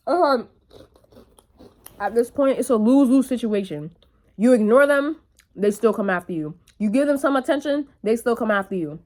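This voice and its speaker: Blunt, swearing young woman vlogger. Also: fairly high pitch. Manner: blunt, swearing, addresses viewers as y'all. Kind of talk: casual vlog monologue.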